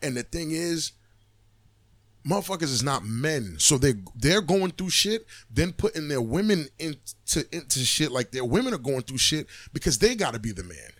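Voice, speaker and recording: A man co-hosting a podcast, talking bluntly and with plenty of swearing, telling stories in a casual, animated way. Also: on the high side, normal speed, no echo. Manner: blunt, profane, animated storytelling. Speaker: podcast co-host.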